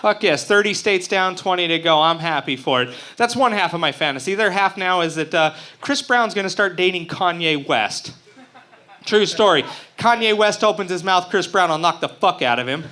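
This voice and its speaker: At an open mic in front of a live crowd, a man from Utah performs a crude, brash, profane stand-up set. His high-pitched voice is animated, bright, and forceful, at a normal pace.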